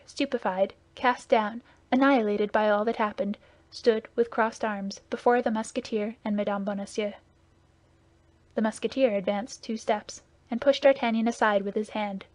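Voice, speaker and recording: A woman narrating a classic novel as an audiobook, in a steady, measured reading voice. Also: fairly high pitch, dry recording.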